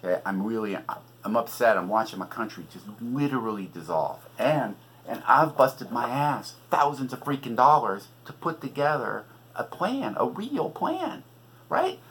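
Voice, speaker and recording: A man's voice: mid-range voice, big pitch swings, moderate pace, fairly bright tone, slightly rough, rough recording. A middle-aged man from California hosting a podcast, delivering an agitated, profane political rant with sarcastic asides. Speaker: podcast host and author. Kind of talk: ranting political monologue.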